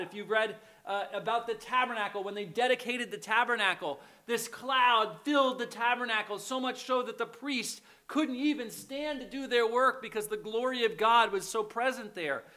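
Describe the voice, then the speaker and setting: A man's voice: very high-pitched, normal speed, few pauses, pushed and bright. A man preaching a sermon in a conversational way, often checking in with his listeners. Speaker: pastor.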